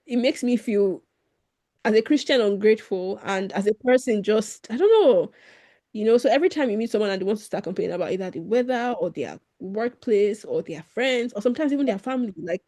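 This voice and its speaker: Brief: young woman, podcast guest, mid-pitched, talkative, laughs easily. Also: lively intonation, fairly quick, mellow. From Nigeria. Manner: chatty, laughs often, acts out quotes. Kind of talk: casual conversation.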